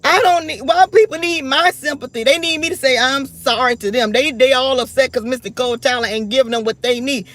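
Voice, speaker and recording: A woman's voice: high voice, a little fast, few pauses, fairly bright tone. A woman in her forties talking straight to camera in an unscripted rant, blunt, defiant and emphatic. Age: 40s. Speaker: vlogger.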